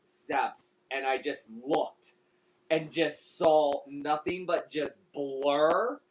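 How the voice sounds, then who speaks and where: Man, casual storyteller; laughs through the story, curses often, slightly high voice. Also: extremely slow, rough recording. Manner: laughing storyteller, swears a lot. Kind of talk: casual chat.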